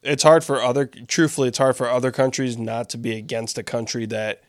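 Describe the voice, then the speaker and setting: A man's voice: medium pitch, little pitch movement, fairly quick, no room sound. Dry-miked sarcastic podcast man. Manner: sarcastic, swears, laughs often. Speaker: podcast co-host. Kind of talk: casual podcast chat.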